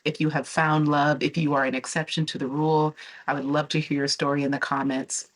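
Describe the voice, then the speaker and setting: A woman's voice: deep voice, little pitch movement, a little fast. A young woman vlogger talking candidly to camera in a casual, chatty way, with fillers and restarts. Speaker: travel and relocation vlogger.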